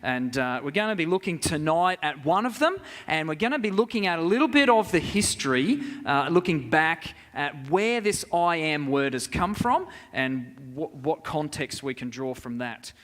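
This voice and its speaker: A man's voice: on the high side, animated, normal speed, few pauses, a bit bright, long reverb tail. A man leading an interactive Bible lesson in church, talking conversationally and putting questions to the congregation. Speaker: preacher.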